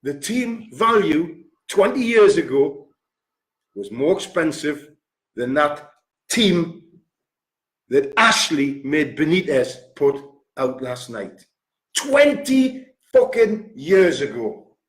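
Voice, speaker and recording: Angry fan pundit, slow deliberate swearing rant. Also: male voice, on the high side, very animated. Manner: furious, swearing, repeats figures for emphasis. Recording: roomy echo.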